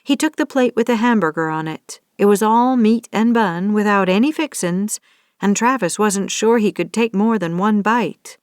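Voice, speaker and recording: A woman narrating a romance audiobook in a steady, scripted reading. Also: medium pitch, moderate pace, clean tone, no echo, clean studio sound.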